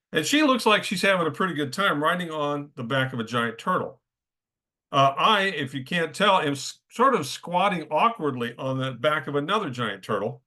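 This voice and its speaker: Middle-aged guy preaching, chatty, voice a bit high and crisp. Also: sharp tone. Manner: conversational, keeps checking in with "okay?". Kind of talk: sermon.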